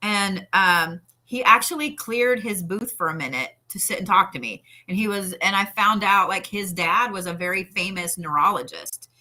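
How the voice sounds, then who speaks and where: A woman in a casual interview, telling lively stories with frequent laughter. Her voice has a forceful, bright edge at an ordinary pitch. She swears freely and talks animatedly. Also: normal speed, hardly any pauses. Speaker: interview guest, pro wrestler. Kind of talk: casual storytelling chat.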